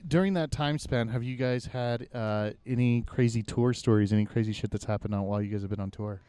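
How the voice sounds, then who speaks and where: A man's voice: mid-range voice, fairly even intonation, brisk, dark tone, smooth, dry recording. A man hosting a casual podcast interview outdoors on a city street, talking in an enthusiastic, rambling way and swearing casually. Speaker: podcast host.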